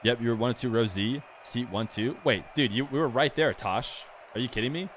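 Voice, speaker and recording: A young man streaming a game and chatting casually with his viewers in a relaxed, rambling way. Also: medium pitch, fairly quick, slight background noise. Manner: relaxed, rambling, talks straight to chat. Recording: music playing clearly behind the voice.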